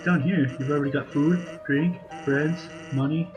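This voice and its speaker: A laid-back male skeleton from a video game tells jokes and stories in a slow, drawling way, as a man puts him on. His voice is fairly high, and game music plays behind him. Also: fairly even intonation, close to an everyday voice, low-quality recording. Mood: easygoing.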